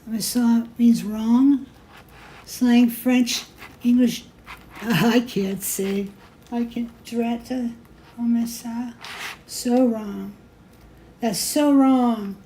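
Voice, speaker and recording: A woman's voice: a little high, fairly even intonation, extremely slow, long pauses, mellow. A woman hosting a jewelry-making show, chatting in a rambling way and laughing at her own mispronunciations. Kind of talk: casual chat while crafting. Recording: echoey room with faint noise.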